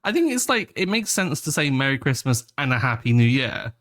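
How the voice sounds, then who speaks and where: A man co-hosting a podcast, explaining things in relaxed, wry casual chat. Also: medium pitch, fairly quick. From England. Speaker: podcast co-host.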